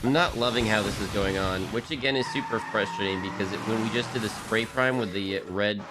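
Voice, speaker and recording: A man's voice: fairly low pitch, brisk, heavy background noise. A man in his forties streaming as he paints, chatting casually and rambling, trailing off and restarting his thoughts. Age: 40s. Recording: music from a TV show playing behind. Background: TV show audio and music.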